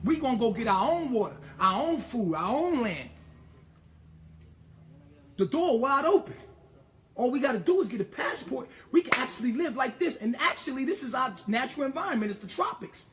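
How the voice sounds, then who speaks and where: A man's voice: extremely high pitch, sing-song, normal speed, a bit bright, a little hiss or hum. A man delivering an impassioned, profane monologue, emphatic and ranting, tripping over repeated words as he pushes his point.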